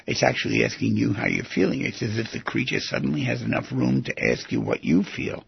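A man's voice: lowish voice, wildly swooping pitch, brisk, vocal fry, few pauses, slightly rough, no room sound. A man teaching an inner-dialogue exercise, speaking in an earnest, coaching manner, recorded on a dull lo-fi track. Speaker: self-help teacher. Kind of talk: guided instruction.

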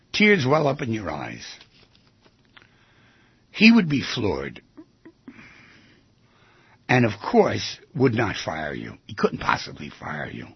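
A man giving an animated talk, acting out quoted lines with large swings in pitch, with a husky voice. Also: no echo. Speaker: speaker on relationships. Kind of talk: lively talk. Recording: dry, dull lo-fi sound.

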